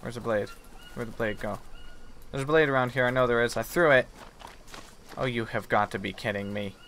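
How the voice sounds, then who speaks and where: A man's voice: mid-range voice, fairly quick, fairly bright tone, slight background noise. A young man giving casual, self-mocking commentary as he plays a survival game. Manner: chatty, self-mocking, mock apologetic to game animals. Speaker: gaming video host.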